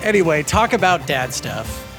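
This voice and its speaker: A man with a fairly high voice hosts a podcast in dry, teasing casual chat. Faint music plays under him. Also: very animated, normal speed. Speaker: podcast host.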